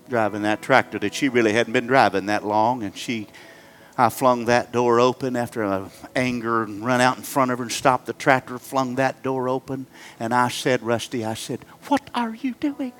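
A middle-aged male pastor preaching to his congregation, moving from loud fervent exhortation to hushed, halting storytelling. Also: medium pitch, fairly even intonation, a little hiss or hum. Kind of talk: sermon. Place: church sanctuary before a congregation.

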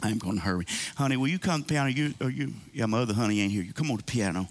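A man's voice: mid-range voice, rapid-fire. A pastor, preaching a folksy, exhorting sermon to his congregation in a church.

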